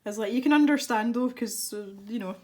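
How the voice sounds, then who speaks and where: A woman's voice: a little high, brisk, darkish tone. A Scottish woman chatting casually to viewers as she colours in her art channel video, rambling and breaking off into little laughs. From Scotland. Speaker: art YouTuber. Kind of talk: casual chat while colouring.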